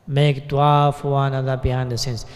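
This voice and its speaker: A man with a British accent giving a sermon at a mosque, talking conversationally and often checking in with a quick "yeah?". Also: medium pitch, little pitch movement. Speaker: sheikh giving a talk. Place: mosque hall. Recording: long hall reverb.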